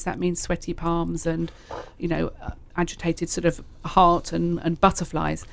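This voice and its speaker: A woman, a hypnotherapist, explaining in a relaxed conversational way, often pausing with fillers and repeating phrases. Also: lowish voice, vocal fry. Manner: hesitant, filler-heavy, uses repeated self-talk phrases.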